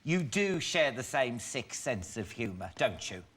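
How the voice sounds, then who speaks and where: A man's voice: mid-range voice, big pitch swings, measured pace, a bit bright. A man hosting a chat show, asking questions with a playful, mock-scolding manner. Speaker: host.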